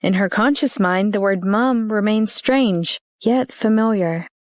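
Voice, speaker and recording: A woman narrating an audiobook in an even, steady reading voice. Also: medium pitch, a little slow, no room sound, clean studio sound. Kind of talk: scripted narration.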